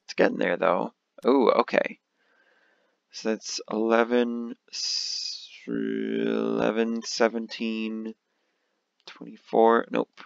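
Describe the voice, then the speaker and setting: Young male let's-play host, low gravelly voice, mutters sums, dull lo-fi mic. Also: very animated, slow, dry recording. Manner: mutters card sums, then bursts of exasperation. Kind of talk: casual game commentary.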